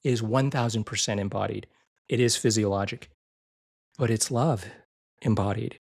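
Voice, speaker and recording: A man's voice: normal speed, vocal fry, breathy edge. Earnest man speaking with restarts. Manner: warm, earnest, repeats phrases and restarts often; switches into higher tender voice when quoting loving words. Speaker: guest, physician and IFS therapist. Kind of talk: conversational podcast interview.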